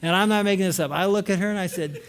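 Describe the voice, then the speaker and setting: A male conference speaker telling a story in a sermon, animated, acting out scenes and shouting at the peaks. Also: sits high, rapid-fire.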